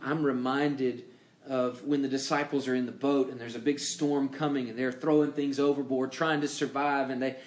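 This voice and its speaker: Male pastor, measured sermon delivery, dramatic pauses, reverberant room. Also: medium pitch. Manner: emphatic preaching with dramatic pauses and rising questions.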